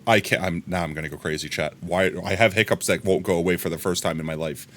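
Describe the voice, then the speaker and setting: A man's voice: low voice, fairly even intonation, fast talker, fairly bright tone, a little hiss or hum. A man streaming and chatting casually to his viewers, rambling and repeating words as he goes.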